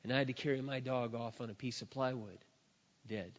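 A middle-aged man preaching, telling a story with lively acted-out barks and shouts. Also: mid-range voice, brisk. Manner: animated storyteller, acts out barking and shouting. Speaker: pastor. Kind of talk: sermon storytelling. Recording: dull sound with long hall reverb.

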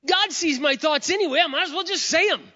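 A middle-aged pastor with an extremely high, fast, bright, forceful voice tells a personal story in his sermon, poking fun at himself and acting out both sides of a prayer. The audio is muffled, recorded in a big reverberant hall.

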